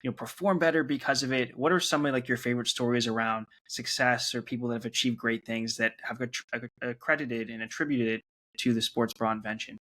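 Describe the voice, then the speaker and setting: A man's voice: medium pitch, fairly even intonation, fairly quick, bright, forceful tone. Male interviewer host, mid-range voice, laughs along with the guest. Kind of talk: interview questions.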